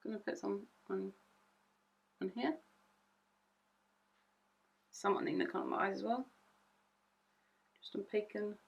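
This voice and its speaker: A young woman chatting through a makeup tutorial at home, excitable and rambling, often repeating herself. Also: mid-range voice, unhurried, gravelly, long pauses, slightly rough, lo-fi sound. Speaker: beauty vlogger.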